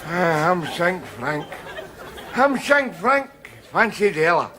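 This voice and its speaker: A man's voice: high-pitched, big pitch swings, slow pace, sharp tone, some chatter behind, a little hiss or hum, full character voice. An actor playing a boozy, belligerent middle-aged Scottish man who blusters and stammers in a sitcom. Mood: blustering. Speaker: sitcom lead. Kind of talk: sitcom acting.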